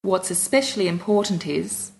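Woman reading example phrases clearly. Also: on the low side, moderate pace. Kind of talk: scripted example sentences.

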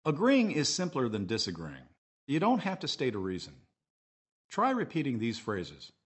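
Clear and measured, a man with a husky, low voice narrates an English lesson with lively intonation. As the teacher, he models phrases for the listener to repeat.

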